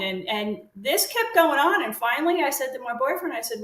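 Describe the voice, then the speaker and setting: A woman's voice: on the high side, lively intonation, a little fast, hardly any pauses, a bit bright, reverberant, poor audio. A middle-aged woman telling long casual stories as an interview guest, rambling with fillers and restarts. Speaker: guest, parrot consultant. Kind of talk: casual storytelling chat.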